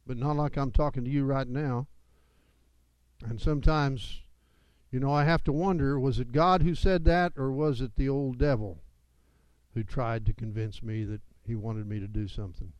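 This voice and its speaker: A man's voice: on the high side, smooth, no room sound, rough recording. A man preaching a sermon as pastor, with emphatic delivery that rises and falls.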